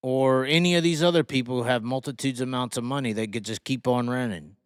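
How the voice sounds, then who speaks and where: A man's voice: mid-range voice, brisk, clear, resonant tone, no room sound, clean studio sound. A man hosting a racing show, ranting heatedly and swearing as he mocks fans and reads the chat. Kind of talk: profane opinion rant on livestream.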